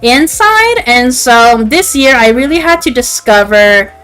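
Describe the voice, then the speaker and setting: A woman's voice: a little high, expressive, measured pace, a bit bright, clean tone, soft background music, low-quality recording. A woman in her twenties chatting casually on a stream, rambling and interrupting herself with lots of fillers. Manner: rambling, self-interrupting, frequent "like" and "um". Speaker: VTuber streamer.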